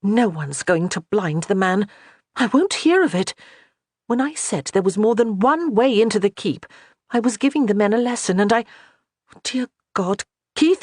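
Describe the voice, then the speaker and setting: Brief: woman reader doing a fed-up young lady of the clan, scolding and sharp, lively swings in pitch, dry close sound. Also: no echo. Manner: sharp, raised, scolding delivery. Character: exasperated young noblewoman, strong-willed lady of a clan. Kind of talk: audiobook character voice.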